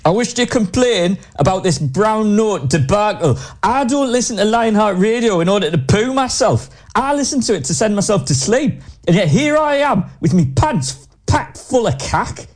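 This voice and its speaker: A man doing a prim indignant complainer, high-pitched. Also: lively intonation, normal speed. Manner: stiff, formal complaining.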